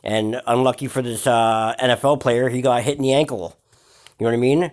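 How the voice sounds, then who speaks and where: A man's voice: medium pitch, steady tone, a little fast, darkish tone. A man hosting a hip-hop gossip vlog, ranting in a mocking tone full of slang, swearing and fillers. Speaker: vlog host. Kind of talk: profane hip-hop gossip commentary rant.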